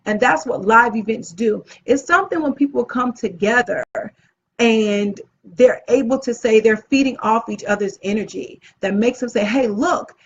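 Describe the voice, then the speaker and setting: Female event planner, upbeat motivational coach, raised pitch, slightly muffled lo-fi recording. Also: normal speed, a little hiss or hum. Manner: enthusiastic, talks with her hands. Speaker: event planner and channel host. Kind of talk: motivational teaching talk to camera.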